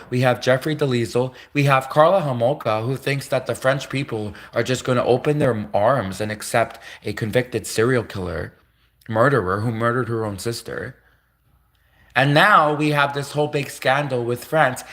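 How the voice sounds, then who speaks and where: A man's voice: medium pitch, fairly bright tone. A man hosting a livestream, ranting heatedly and repeating his points for emphasis. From Canada. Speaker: livestream host.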